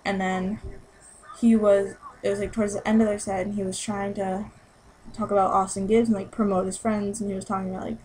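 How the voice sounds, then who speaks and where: A woman's voice: mid-range voice, little pitch movement, fairly quick, dark tone, a little hiss or hum, rough recording. A young woman in a casual vlog, chatty and gushing as she recaps a concert, saying "like" constantly. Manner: chatty and gushing, heavy use of "like". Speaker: concert-goer recapping a show.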